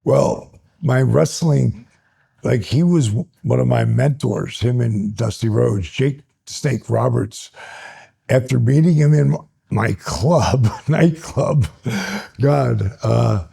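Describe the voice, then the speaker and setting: A man in his sixties, a retired wrestler, telling stories as a guest in an interview in an animated, excitable way. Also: mid-range voice, takes it slowly, vocal fry, breathy edge. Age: 60s. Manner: animated, builds stories up excitedly, laughs between phrases. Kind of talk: storytelling in an interview.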